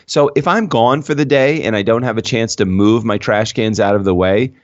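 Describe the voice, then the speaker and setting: A man's voice: on the low side, moderate pace, no room sound, dull audio. A man co-hosting a podcast in casual chat, telling a rambling story and laughing often. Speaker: podcast co-host.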